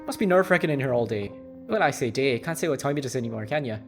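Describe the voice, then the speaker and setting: A man's voice: medium pitch, animated, racing, music in the background, close to an everyday voice. A man voicing a bored, easygoing sailor in a video game, making idle small talk in a laid-back drawl.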